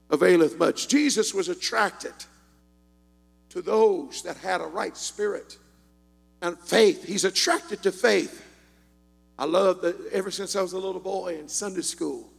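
A man preaching a sermon in a church, swinging from quiet storytelling into shouted, sing-song exhortation. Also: high voice, vocal fry, big-room sound. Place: church sanctuary.

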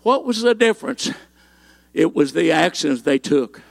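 A man preaching a sermon, impassioned, with frequent "uh" fillers and rising to shouted peaks. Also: on the high side, animated, unhurried, creaky.

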